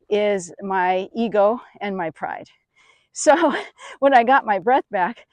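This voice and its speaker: A middle-aged woman telling a personal story in an animated, expressive way. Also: a little high, no room sound. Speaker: speaker. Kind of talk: storytelling talk.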